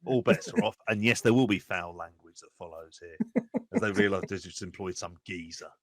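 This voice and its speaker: A man from London with a Cockney accent, co-hosting a podcast in jokey, animated banter. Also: low voice, a little fast. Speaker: podcast co-host. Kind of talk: casual chat.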